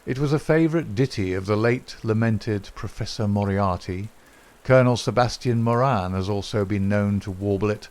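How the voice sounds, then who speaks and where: A man reading a classic detective story aloud as an audiobook narrator, with a steady, even delivery. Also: low-pitched, moderate pace. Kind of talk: scripted narration.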